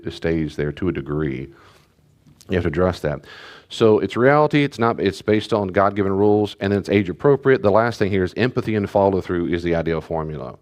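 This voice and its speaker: Man, pastor, very low voice, conversational teaching, repeats key phrases. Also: darkish tone. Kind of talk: teaching talk to a church group.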